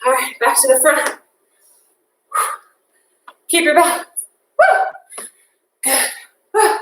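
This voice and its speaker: Bright, high-voiced woman fitness instructor. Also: fairly even intonation, a little slow, a little hiss or hum. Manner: upbeat, encouraging, counts down and whoops. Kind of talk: live workout class cueing. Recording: echoey room, voice from a distance.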